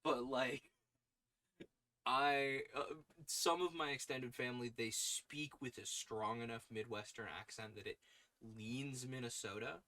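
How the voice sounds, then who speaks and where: A man's voice: mid-range voice, fairly even intonation, measured pace, pushed and bright. A young man with a Long Island accent, hosting a casual livestream, laughing often while trying out accents. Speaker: podcast host.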